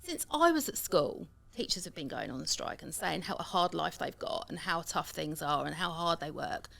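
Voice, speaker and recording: A woman in casual podcast chat, animated and opinionated, talking about her kids and schools. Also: low-pitched, moderate pace, gravelly.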